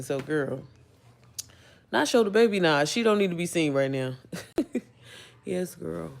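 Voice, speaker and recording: A woman's voice: mid-range voice, moderate pace. Chatty woman hosting a home livestream. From Indiana, United States. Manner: chatty, greets viewers by name and reads their comments. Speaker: livestream host. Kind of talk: casual livestream chat. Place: indoors at home.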